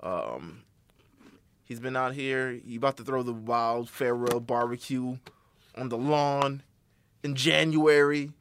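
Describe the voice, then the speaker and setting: A man's voice: medium pitch, a little slow, slight background noise. Young male podcast co-host, casual, profane, jokey, laughs a lot. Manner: loose, profane, joking, laughs often. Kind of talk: casual chat.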